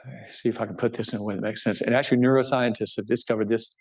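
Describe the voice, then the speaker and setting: A man's voice: mid-range voice, fairly even intonation, very fast. A man, a bishop, giving an informal book talk to a live audience, conversational and joking, often checking in with his listeners. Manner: self-deprecating humor.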